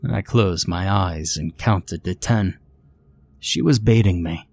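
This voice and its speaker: A man narrating a first-person horror story in a measured, bitter tone. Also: sits low, gravelly, darkish tone.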